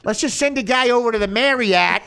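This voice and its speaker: A man's voice: very high voice, brisk, vocal fry, smooth, pitched above the performer's own voice, full character voice. A man putting on a hot-tempered middle-aged male Midwestern mobster with a Chicago mob accent, ranting profanely. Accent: put-on Chicago mob accent. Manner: profane, snarling, loud ranting.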